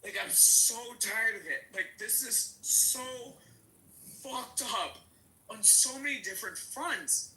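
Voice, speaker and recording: A woman's voice: a little high, expressive, slow pace, sharp tone, roomy sound, poor audio. A woman speaking as a panel guest, tearful and pleading, her voice breaking as she repeats herself. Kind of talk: emotional panel talk.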